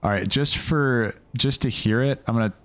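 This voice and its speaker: A man's voice: mid-range voice, moderate pace, fairly bright tone, smooth. A young man streaming a video game live, chatting loosely and rambling, swearing casually as he plays.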